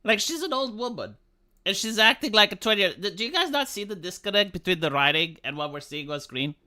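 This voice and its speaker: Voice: mid-range voice, very animated, a little fast, pushed and bright. A streamer giving exasperated live commentary over gameplay, ranting and stumbling over words.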